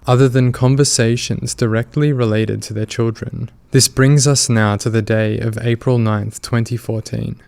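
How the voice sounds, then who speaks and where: Man narrating true crime with gravelly fry. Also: mid-range voice. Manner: even, measured storytelling.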